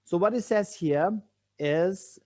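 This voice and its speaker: A man's voice: sits high, slow, darkish tone. A man giving a Buddhist teaching, explaining a text patiently. He repeats key phrases and asks rhetorical questions. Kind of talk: teaching a sutra commentary.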